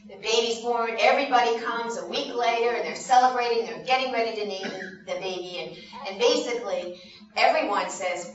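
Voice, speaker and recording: A woman in her fifties tells a Bible story to a group of children and keeps pausing to ask them questions. She is recorded from a distance in a very echoey room. The sound is dull, and there is noise behind her. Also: medium pitch. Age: 50s. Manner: animated, asks the children questions.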